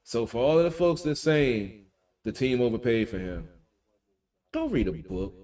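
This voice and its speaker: A man's voice: medium pitch, very animated, moderate pace, a little mellow, far from the mic. A man co-hosting a casual talk radio show, breaking down football news in an emphatic, slangy way.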